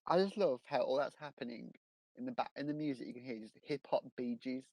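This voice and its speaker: A man's voice: mid-range voice, brisk, mellow, no room sound, low-quality recording. A man chatting casually on a movie podcast, laughing along and chiming in. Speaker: podcast co-host.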